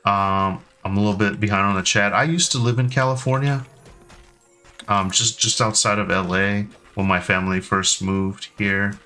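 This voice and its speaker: With faint music in the background, a man in his thirties from the US chats casually on his stream. His fairly low voice is steady and sharp at a moderate pace, and he keeps stumbling through ums and restarts.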